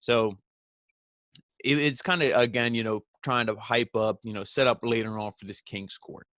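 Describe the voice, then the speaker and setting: A man's voice: medium pitch, steady tone, moderate pace, fairly bright tone, no room sound. A man reviewing a wrestling show in a casual, rambling recap, full of filler phrases and casual swearing.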